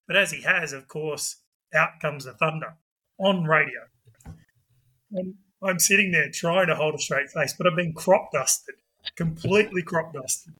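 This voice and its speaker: Aussie guy telling a story fast and lively, bright voice. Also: a little high, breathy edge, poor audio. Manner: lively anecdotal telling with quick asides. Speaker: guest, budgie club president. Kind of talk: animated storytelling.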